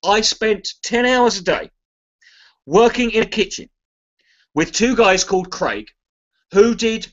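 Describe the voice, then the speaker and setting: An Englishman chatting casually to a live stream audience, rambling, restarting his sentences and swearing freely. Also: high voice. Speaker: charity livestream contributor. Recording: slightly muffled lo-fi stream audio.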